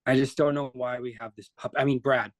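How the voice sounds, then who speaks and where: Laid-back wrestling promoter, dry sound. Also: male voice, medium pitch, steady tone, a little fast, no room sound, rough recording. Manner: laid-back, self-deprecating, filler "you know". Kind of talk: casual chat.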